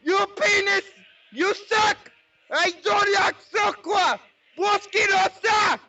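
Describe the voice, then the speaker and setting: A man playing a crude prank caller who shouts insults in broken English with a mock foreign accent. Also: very high-pitched, measured pace, very noisy. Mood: shouting insults.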